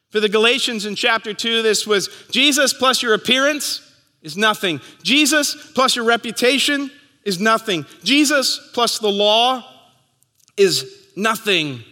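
A man in his thirties preaching a sermon as pastor, telling stories and acting out the crowd's shouts. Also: high voice. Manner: storytelling, acting out crowd voices. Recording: long hall reverb.

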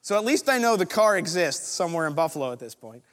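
A man with a high voice preaches a storytelling sermon, acting out each person in the story with lively voices. His voice rings with the long reverb of a large hall. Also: fast. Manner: animated, acts out other people's lines. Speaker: pastor.

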